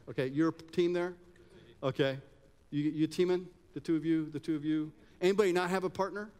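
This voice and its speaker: A man running a live audience exercise at a talk, joking and directing people as he goes. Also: on the high side. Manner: energetic, joking, directs the crowd. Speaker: workshop speaker. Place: event hall with live audience. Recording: long hall reverb.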